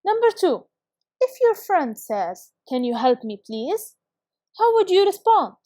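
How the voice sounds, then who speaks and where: A woman teaching an English lesson to schoolchildren on video, reading example phrases slowly and carefully and often praising her students. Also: very high-pitched, very animated, dark tone, dry recording, studio quality.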